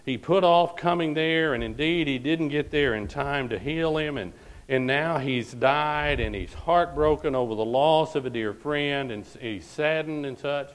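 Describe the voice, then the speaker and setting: Emphatic preacher, fairly high voice. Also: male voice, measured pace, clear, resonant tone, poor audio. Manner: emphatic, repeats phrases, asks "All right?". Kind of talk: sermon.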